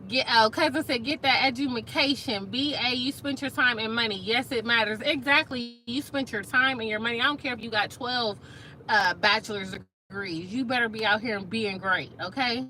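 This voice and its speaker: Animated woman streamer. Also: on the high side, moderate pace, rough recording. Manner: animated, playful, slangy, reads comments aloud. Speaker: live stream host reading viewer comments. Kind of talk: casual chat.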